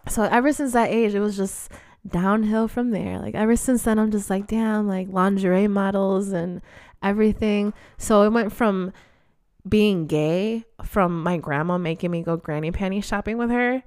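A young woman in her twenties tells candid, profane stories straight to the camera, laughing often as she goes. Her voice is smooth and clear at a middle pitch. The recording is dry and close, with no room sound. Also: moderate pace, a little mellow, no echo. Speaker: vlogger. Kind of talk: casual storytelling monologue.

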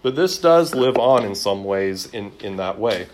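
A man's voice: lowish voice, expressive, unhurried, darkish tone, a little hiss or hum. A man teaching a church history class in a conversational lecture, with frequent fillers and repeated words.

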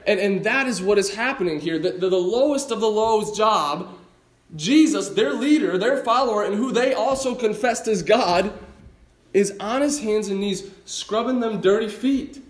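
Animated high-voiced preaching man. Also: moderate pace, roomy sound. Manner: animated, conversational preaching with asides. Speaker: pastor. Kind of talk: sermon.

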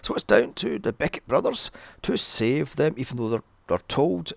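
A man's voice: medium pitch, animated, normal speed, creaky, dry recording. A man recapping a film in a sarcastic, exasperated rant, swearing constantly. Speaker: film reviewer. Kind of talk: profane ranting film recap.

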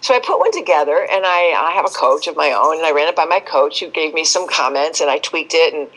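Lively storytelling woman guest, low voice. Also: fast, rough recording. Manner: animated storytelling, acting out quoted voices. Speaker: guest expert. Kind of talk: podcast interview.

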